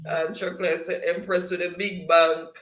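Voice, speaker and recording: A man's voice: high voice, little pitch movement, a bit bright, echoey room. A man hosting a livestream, reading viewers' chat aloud and laughing often. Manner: laughs often, slow and easygoing. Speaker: livestream host.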